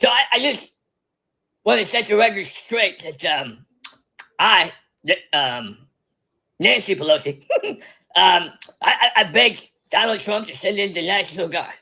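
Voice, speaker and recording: A performer puts on a drunk older stateswoman who stumbles through every sentence, stammering, giggling and losing her thread. The voice leaps all over the place and rings bright and sharp, with a husky, breathy edge. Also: medium pitch, lively intonation, measured pace, pauses often, exaggerated voice. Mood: rambling. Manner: stammering, many false starts and giggles. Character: rambling tipsy older female politician, stammering. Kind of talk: comedic impression monologue.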